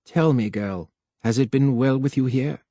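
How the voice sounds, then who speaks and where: A man voicing a calm, guarded older male official in an audiobook, speaking softly and with measure. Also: no room sound, lightly acted. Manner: soft, measured, low-spoken. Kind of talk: audiobook character voice.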